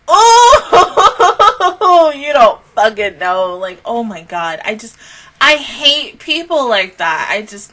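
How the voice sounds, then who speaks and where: A young woman rants through a casual reaction video in a bright, slightly high voice. She swears freely, jumps between loud outbursts and low mutters, and mimics other people in quick put-on voices. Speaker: YouTuber reacting to anime.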